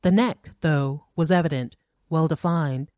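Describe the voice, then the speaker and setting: Low-voiced woman reading a story. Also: measured pace, a little mellow, dry recording, clean studio sound. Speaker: narrator. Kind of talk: audiobook reading of a short story.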